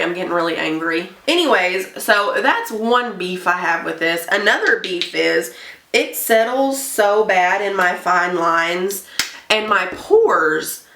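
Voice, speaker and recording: A woman's voice: mid-range voice, expressive, takes it slowly, bright, forceful tone. A young woman, a hairstylist, chatting casually and bluntly through a makeup review, getting heated about products she dislikes. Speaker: beauty vlogger and hairstylist. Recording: echoey room, a bit far from mic.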